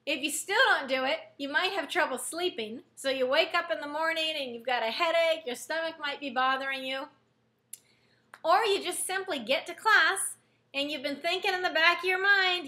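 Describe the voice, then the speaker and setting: A woman's voice: very high-pitched, moderate pace, sharp tone. A middle-aged woman school counselor giving a classroom lesson to students, earnest and explaining with everyday examples.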